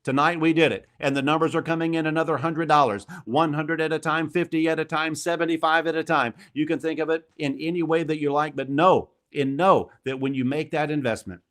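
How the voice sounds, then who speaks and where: Upbeat male auctioneer-style host, pushing a donation drive, lightly raised pitch. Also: a little fast, hardly any pauses. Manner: energetic, rallying, calls out donor names. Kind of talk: live fundraising appeal. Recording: virtual gala stream.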